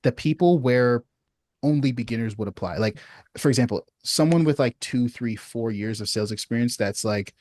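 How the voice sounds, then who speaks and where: A man giving casual sales advice on a video support call, relaxed and chatty, often asking "you know what I mean?". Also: medium pitch, moderate pace. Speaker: sales coach.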